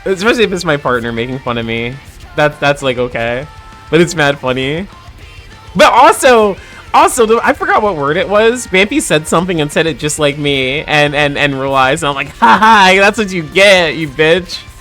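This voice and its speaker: A woman with a deep, fairly bright voice talks animatedly and fairly fast, with soft music in the background. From New Jersey and with the accent to match, she's a bit tipsy on a livestream, chatting casually, laughing often and swearing freely.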